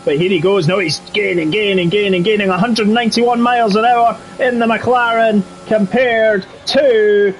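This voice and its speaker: A man giving live commentary on a sim racing league, getting excitable when the battles get close. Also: high voice, moderate pace, hardly any pauses, a little hiss or hum. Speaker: race commentator.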